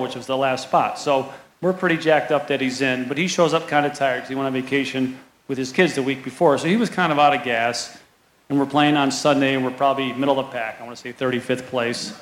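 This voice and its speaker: A man who caddies on the golf tour, telling anecdotes quickly and mocking himself as a guest. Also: mid-range voice, reverberant, a little hiss or hum, poor audio. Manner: animated anecdote teller, quick and self-mocking. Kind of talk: storytelling interview guest.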